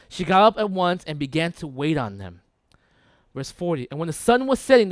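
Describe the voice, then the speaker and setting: A male pastor preaches in a loose, conversational sermon style, repeating phrases and checking in with his listeners. His voice sits high for a man. The sound is close and dry, with little room in it. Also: no room sound. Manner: conversational, checks in with "right?" and "okay?"; repeats words for emphasis.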